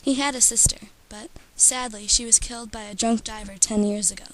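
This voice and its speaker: Girl reading kind gentle aunt, quiet careful speech, higher voice. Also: steady tone, brisk, slight background noise, lightly acted, rough recording.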